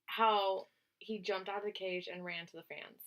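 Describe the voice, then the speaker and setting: A woman with a bright, forward voice chatting on a podcast. She talks with enthusiasm and strong opinions, restarting her sentences as she goes. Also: medium pitch, fairly even intonation, moderate pace. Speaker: co-host, MMA editor. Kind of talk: casual podcast chat.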